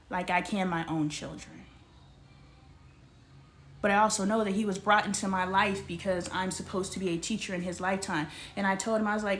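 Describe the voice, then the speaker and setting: A woman's voice: medium pitch, normal speed, slight background noise. A middle-aged woman, speaking bluntly and emphatically about family in a personal vlog. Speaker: vlogger. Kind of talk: candid personal talk to camera.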